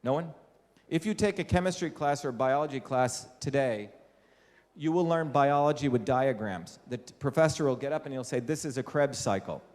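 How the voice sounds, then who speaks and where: This man from India, an invited lecturer, has a darkish, medium-pitched voice and a moderate pace. He delivers a public lecture emphatically to a live audience, often posing rhetorical questions, and the hall's echo is audible in the recording.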